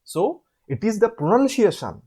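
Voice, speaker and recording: A man explaining an assignment step by step. He asks questions and answers them himself, and repeats words slowly to show how they are said. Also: high voice, very animated, warm tone, husky. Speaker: online tutor.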